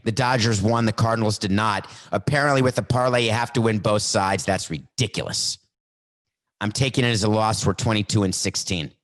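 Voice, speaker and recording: A man hosting a solo sports podcast, talking in a worked-up, animated way and acting out little mock skits. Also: lowish voice, a little fast. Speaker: podcast host. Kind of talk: solo sports talk monologue.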